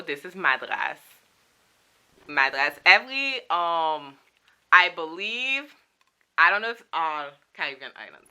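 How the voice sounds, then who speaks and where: A young woman from Saint Martin talks through her souvenir collection in a loose, playful vlog chat with laughing asides. Her voice sits a little low but rings very bright and forceful. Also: smooth. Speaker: vlogger showing a souvenir collection. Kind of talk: casual chat.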